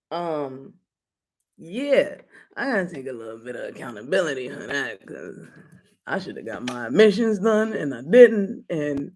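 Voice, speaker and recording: A woman's voice: deep voice, creaky, darkish tone. A woman hosting a casual live talk show, blunt and playful, laughing often and speaking straight to her viewers. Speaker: host.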